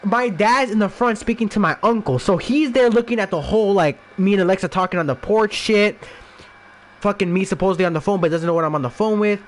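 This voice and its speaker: A man's voice: high-pitched, fast. A young man from the Los Angeles area, a podcast guest, telling a rambling, profane personal story in casual chat, full of "like" and restarts. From Los Angeles area, USA.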